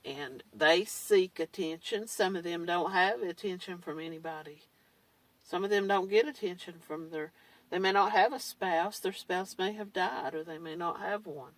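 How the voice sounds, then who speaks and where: A woman's voice: fairly low pitch, moderate pace, no room sound, far from the mic, poor audio. A woman talking in a blunt, candid way, with mild swearing, in a casual monologue. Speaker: survivor vlogger. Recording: dry, set back from the mic.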